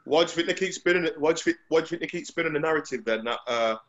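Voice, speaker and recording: A man's voice: a little high, rapid-fire, fairly bright tone, lo-fi sound. A man interviewing in casual chat, asking prompting questions with hesitant ums.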